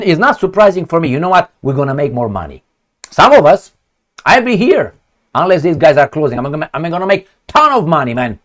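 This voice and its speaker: A man's voice: a little high, fairly bright tone. A man giving a sarcastic, profane political rant from indoors at home. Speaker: political commentator. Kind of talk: ranting political commentary.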